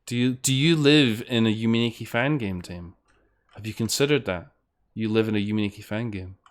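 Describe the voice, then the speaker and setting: A man streams himself playing fangames, rambling along in casual, chatty commentary and swearing now and then when frustrated. His voice is fairly low-pitched and brisk.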